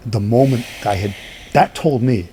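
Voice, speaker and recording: A man who is a podcast guest, telling stories in a lively way and acting out what people said. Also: mid-range voice, normal speed, slight background noise. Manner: lively, acts out quoted speech. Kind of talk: animated storytelling.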